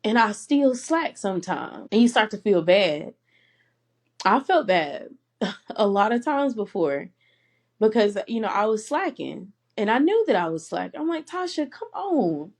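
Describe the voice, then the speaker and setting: A young woman hosts a personal faith podcast, speaking earnestly and emotionally, laughing between phrases and sometimes coming close to tears. Her mid-range voice is very animated yet unhurried.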